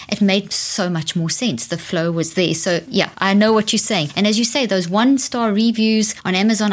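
A woman hosting an interview, enthusiastic and affirming, who also writes books herself. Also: on the low side. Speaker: interviewer and author. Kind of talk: casual chat.

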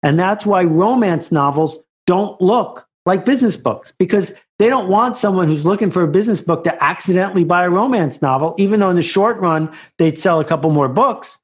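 An author appearing as an interview guest tells anecdotes in a high, expressive voice, a little fast and with almost no pauses. He builds each story conversationally toward a punchline.

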